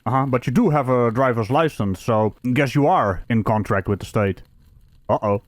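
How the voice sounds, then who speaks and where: A man's voice: mid-range voice, moderate pace, noisy background. A man giving mocking reaction commentary in a sarcastic tone.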